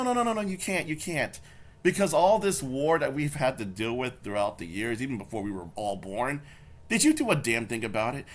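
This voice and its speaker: A man doing angry reaction commentary, confrontational and swearing, repeating his points over and over. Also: medium pitch. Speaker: YouTube commentator.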